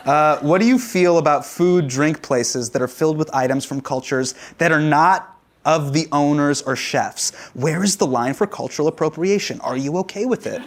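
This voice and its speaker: A man answering audience questions in a casual comedic Q&A, animated and joking, laughing often. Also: a little high, slight background noise.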